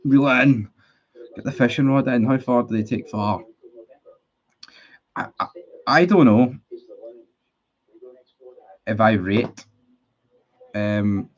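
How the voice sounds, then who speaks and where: A man hosts a casual livestream. He rambles bluntly, swears freely and restarts his sentences often. His voice sits fairly low and comes through dull, lo-fi stream audio. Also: a little slow, long pauses. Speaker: livestream host. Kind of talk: casual livestream chat reading viewer comments.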